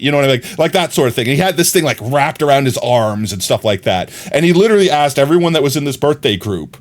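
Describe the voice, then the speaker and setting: A man livestreaming a game, telling a rambling, animated story in casual chat with frequent laughs. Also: medium pitch, quick pace, hardly any pauses.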